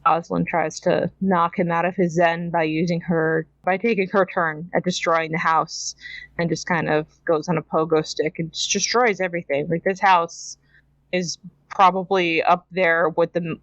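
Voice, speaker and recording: A woman's voice: on the low side, level tone, normal speed, a bit bright, dry recording, lo-fi sound. A woman from Canada hosting a podcast, casually recapping a cartoon episode, laughing often and imitating characters as she quotes them. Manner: chatty, laughs often, mimics characters when quoting. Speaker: podcast host.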